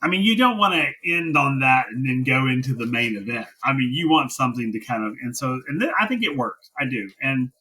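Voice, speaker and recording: Husky, bright-voiced man ranting on a podcast. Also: mid-range voice, very animated, fairly quick, hardly any pauses, rough recording. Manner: emphatic, impassioned ranting. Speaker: wrestling podcast co-host. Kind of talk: casual chat.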